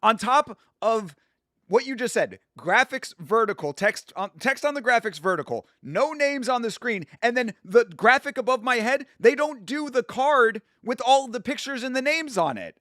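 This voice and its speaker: A man hosting a watch-along from home, chatting casually, rambling, laughing at his own jokes and sometimes bursting out loud. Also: extremely high pitch, expressive, normal speed, dry recording, clean studio sound. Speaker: YouTube host doing a watch-along. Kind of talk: casual live commentary.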